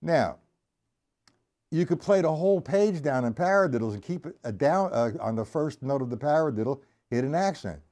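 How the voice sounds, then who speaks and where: A man runs a live-streamed drum lesson. He talks in a relaxed, explanatory way and keeps counting the beats out loud as he demonstrates. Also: a little high, moderate pace. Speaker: drum teacher.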